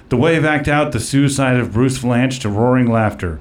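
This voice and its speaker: A man's voice: mid-range voice, moderate pace, few pauses. A man hosting a comedy podcast in casual chat, rambling with lots of fillers and narrating an absurd roast story. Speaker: podcast host.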